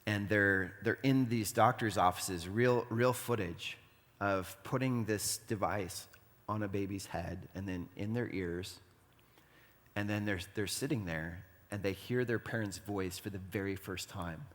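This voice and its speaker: A man's voice: lowish voice, a little slow, a bit bright, long reverb tail. A man giving a conversational sermon as pastor, often speaking prayers aloud in the first person. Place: church sanctuary.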